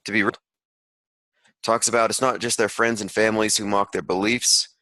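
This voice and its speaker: A man gives sarcastic, rambling commentary to an online call, reading pieces of an article aloud with frequent asides. His voice sits a little low but sounds bright and forceful. The sound is close and dry, with no room around it. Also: level tone, moderate pace, no room sound, poor audio. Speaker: podcast host.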